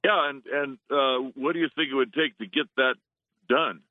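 A man's voice: medium pitch, steady tone, moderate pace, dry recording. A man calling in to a radio show, talking casually in a rambling, hesitant way. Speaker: regular caller. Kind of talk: casual call-in talk. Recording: tinny phone line.

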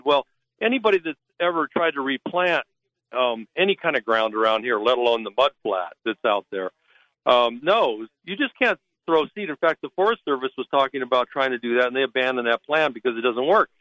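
This male guest phones into a radio talk show, speaking in a mid-range voice that's animated, fairly quick and a bit bright. A naturalist by trade, he's indignant and blunt, imitating officials in mocking voices, and the sound is dry.

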